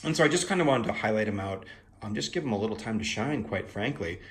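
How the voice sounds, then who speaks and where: Young male reviewer, lowish voice, relaxed chatty musing with jokey asides. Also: fast talker. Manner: musing, playful asides, frequent fillers. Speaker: tarot deck reviewer. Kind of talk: casual spoken art review.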